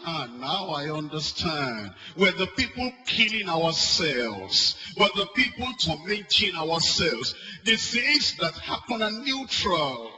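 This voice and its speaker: A man preaching a sermon, repeating phrases and swinging between loud and soft. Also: a little high, big pitch swings, takes it slowly, hardly any pauses, soft background music, rough recording.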